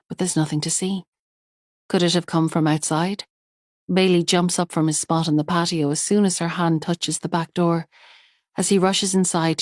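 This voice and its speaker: A woman narrates an audiobook in a calm and measured way. Her voice sits on the low side. She is recorded close on the mic in a completely dry space. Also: no room sound.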